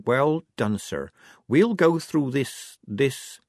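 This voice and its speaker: A man's voice: mid-range voice, animated, slow, vocal fry, no echo, pitched above the performer's own voice, heavily acted. A man voicing a resolute young woman soldier who speaks firmly and drily. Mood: deferential. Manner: firm, dry.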